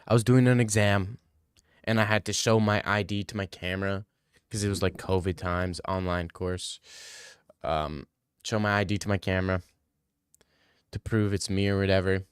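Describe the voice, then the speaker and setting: A man's voice: low-pitched, fairly even intonation, normal speed, pauses often, clear, resonant tone, dry recording, studio quality. A young man chatting casually on a stream, rambling and swearing freely. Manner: loose, rambling and profane.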